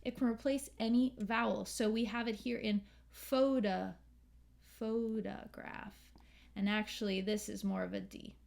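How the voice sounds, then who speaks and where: An American woman teaching English pronunciation, slowly and carefully modeling sounds and words. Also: medium pitch, fairly even intonation, creaky, darkish tone. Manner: slow, careful, models sounds and sings lines. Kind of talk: pronunciation lesson with sung examples.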